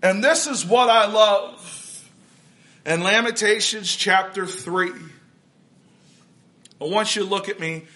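A male pastor preaching a sermon, building to shouted emphasis on key words. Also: high-pitched.

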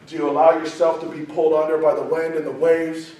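A man's voice: a little high, little pitch movement, fast talker. Guy preaching a sermon, big emphatic build-ups, voice bouncing all over a super echoey church. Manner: emphatic, building to loud passionate peaks. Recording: very echoey room, voice far from the mic.

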